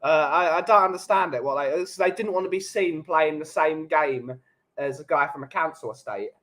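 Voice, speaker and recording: A man with a London English accent, hosting a relaxed coffee chat stream and bantering jokily with his live chat. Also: a little high, normal speed, low-quality recording. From England. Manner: jokey, rambling banter.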